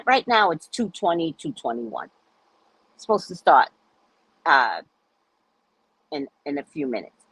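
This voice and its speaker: A woman's voice: sits low, very animated, unhurried, pauses often, a bit bright, slightly rough, no room sound. A woman telling her viewers a story in a blunt, heated, profane way, reading text messages aloud as she goes. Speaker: psychic reader recounting a client dispute.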